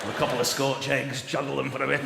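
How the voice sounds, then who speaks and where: A man doing a stand-up comedy set, mocking and animated, talking straight to the audience in a live venue. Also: mid-range voice, fast, creaky, heavy background noise. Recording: echoey hall with loud crowd laughter.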